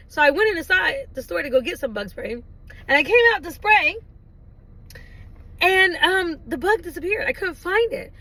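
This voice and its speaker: A woman's voice: sits high, a little fast, no room sound, rough recording. A middle-aged woman chatting casually to camera, telling a story with laughs and squealed quotes. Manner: animated, laughing storyteller who acts out her own squeals. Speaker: vlogger. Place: in a parked car.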